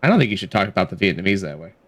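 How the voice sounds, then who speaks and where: A man co-hosting a podcast, telling stories in an animated, casual way and swearing freely. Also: deep voice, very fast. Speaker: podcast co-host. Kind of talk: casual chat.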